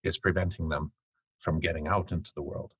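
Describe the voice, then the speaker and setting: A man with a very deep, husky voice and a Canadian accent softened by a Finnish tinge speaks thoughtfully, pausing and restarting as he hunts for the right word. The recording is dull and lo-fi, with a close, dry sound. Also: little pitch movement, no echo. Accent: Canadian English with a Finnish tinge. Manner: reflective, restarts phrases while searching for words. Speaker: podcast guest. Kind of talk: casual interview talk.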